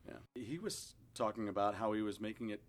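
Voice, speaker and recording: A man with a low voice co-hosting a podcast in easygoing chat. He is relaxed and agreeable, often affirming with short replies. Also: a little fast. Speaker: podcast co-host. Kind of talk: casual chat.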